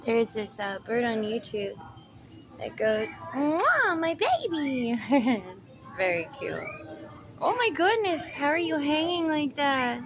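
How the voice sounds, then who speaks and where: A young woman vlogging while she talks to pet birds, switching between high, drawn-out baby talk to them and rambling stories full of fillers. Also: background noise. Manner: rambling storytelling with many fillers. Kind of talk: casual vlog, chatting to pet birds. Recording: loud bird chatter in background. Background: birds squawking.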